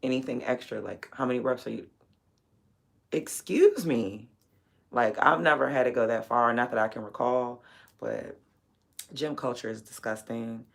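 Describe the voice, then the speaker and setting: A woman's voice: a bass voice, steady tone, moderate pace, gravelly, fairly bright tone. A woman livestreaming while she works, chatting bluntly and profanely with viewers and laughing often. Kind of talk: casual livestream chat.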